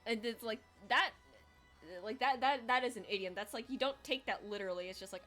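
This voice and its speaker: A woman's voice: a little high, fairly quick, a bit bright, soft background music. A young woman chatting casually on a livestream while she draws, rambling and self-deprecating, with lots of filler words and playful exaggerated quotes. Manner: acts out quoted voices in exaggerated tones. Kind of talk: casual chat while drawing on stream.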